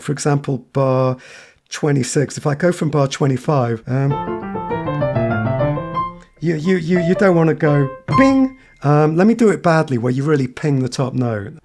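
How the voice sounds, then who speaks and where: Guy teaching piano, keeps singing little da-da bits, slightly high voice, piano going behind. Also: moderate pace. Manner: sings phrases on nonsense syllables while explaining. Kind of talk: piano tutorial. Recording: piano played behind speech.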